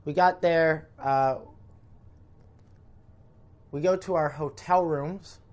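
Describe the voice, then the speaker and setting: Profane rambling Canadian comedian. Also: male voice, on the high side, steady tone, slow. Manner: rambling, profane, self-interrupting. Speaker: comedian telling a road story. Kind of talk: casual storytelling podcast.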